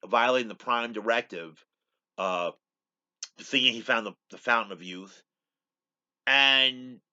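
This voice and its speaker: Rambling man recapping, bright voice. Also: medium pitch. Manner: rambling storyteller, many fillers and restarts. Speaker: host. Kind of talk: casual episode recap. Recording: dull lo-fi recording.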